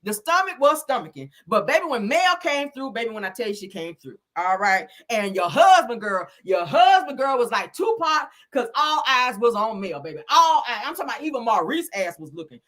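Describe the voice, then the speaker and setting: A woman hosting a live stream, recapping a reality show episode in a sassy, blunt, animated way. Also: on the high side, brisk, hardly any pauses. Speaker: host.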